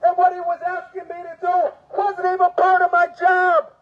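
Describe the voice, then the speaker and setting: Union steward, male, very high voice, preachy fiery rant with shouting, lo-fi phone-like sound. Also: completely flat delivery, normal speed. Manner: fiery and preaching, repeats phrases, often shouts. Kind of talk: impassioned protest speech. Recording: tinny phone-like audio.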